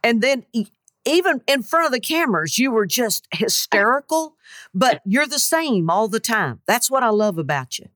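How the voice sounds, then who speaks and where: A woman hosting a casual podcast chat, encouraging and warm toward her guest. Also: fairly high pitch, big pitch swings, normal speed, no room sound, studio quality. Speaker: host.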